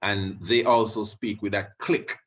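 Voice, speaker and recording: A man who hosts religious videos teaches in a meandering, casual monologue, with frequent asides, you-knows, and restarts. His fairly low voice has fairly even intonation and a fairly bright tone, and he speaks a little slowly. The audio is muffled and lo-fi.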